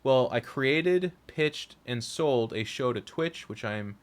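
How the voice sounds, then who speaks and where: A man's voice: mid-range voice, expressive, slow pace. A young man speaking frankly to his audience about his career, rambling and often restarting his sentences. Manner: frank, rambling, self-interrupting. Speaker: streamer and caster. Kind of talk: candid monologue to camera.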